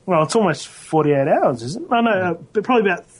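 Very animated and quick, a high-pitched man co-hosts a casual tech podcast, rambling, self-correcting, and laughing frequently. There's a little hiss or hum in the recording.

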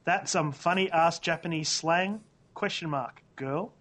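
A man's voice: on the high side, takes it slowly. A man reading as a brash slangy rapper. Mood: deadpan. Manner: reads out punctuation deadpan. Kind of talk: comic read-through of a chat log.

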